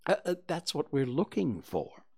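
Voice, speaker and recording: A man's voice: a little high, big pitch swings, moderate pace, gravelly, a little mellow, slightly rough, exaggerated voice. Christopher Robin, a man voicing an earnest young boy. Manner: earnest, hesitant. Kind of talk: storybook reading.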